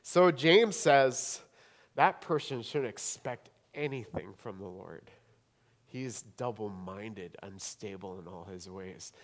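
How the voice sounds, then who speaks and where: A male pastor preaching a sermon, swinging between hushed, intimate stretches and rising, emphatic declarations. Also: on the low side, expressive, slow pace.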